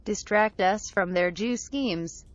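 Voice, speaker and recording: A female text-to-speech voice reading viewer messages in a flat, mechanical way. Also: medium pitch, takes it slowly, dry recording. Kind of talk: synthetic read-out of viewer messages. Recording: dull, dry lo-fi audio.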